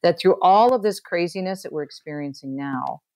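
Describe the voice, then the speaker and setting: A middle-aged woman speaks as a guest, telling her story in a flowing, conversational way full of small restarts. Her voice sits low for a woman. The recording is dry and close. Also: normal speed, no echo. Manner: warm storytelling with frequent restarts. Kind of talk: conversational interview testimony.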